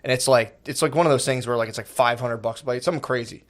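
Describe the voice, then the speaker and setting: A man's voice: mid-range voice, fast. A man co-hosting a podcast, telling rambling, profane stories in casual banter and laughing as he talks. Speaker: podcast co-host.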